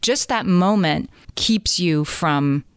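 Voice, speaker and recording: A woman's voice: fairly low pitch, animated, takes it slowly, smooth, dry recording, clean studio sound. A woman co-hosting a podcast about motherhood, speaking earnestly in casual chat and acting out her own inner thoughts.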